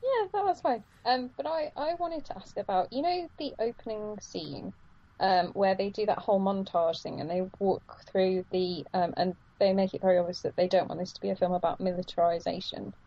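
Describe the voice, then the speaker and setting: Mellow woman on a dull lo-fi recording. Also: mid-range voice, moderate pace. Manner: thoughtful, questioning, many fillers. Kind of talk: casual film discussion.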